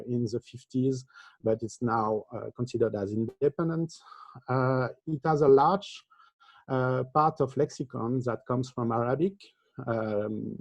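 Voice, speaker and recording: A man giving an academic conference talk as a linguistics lecturer, explaining step by step in a halting way, with frequent pauses. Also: mid-range voice, a little mellow, no echo.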